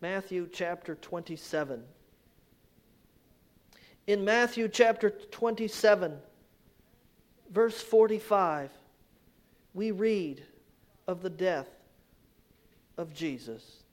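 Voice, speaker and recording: A man delivering a sermon in a very high voice. He preaches slowly and deliberately, rising in force on his main points and sinking soft at the ends of phrases. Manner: slow, emphatic preaching with dramatic swells and drops. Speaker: pastor.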